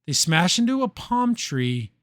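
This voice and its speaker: A man's voice: high voice, big pitch swings, measured pace, fairly bright tone, dry recording, clean studio sound. Sarcastic, blunt man recapping an episode. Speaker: podcast host reviewing a cartoon episode. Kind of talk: casual recap and critique.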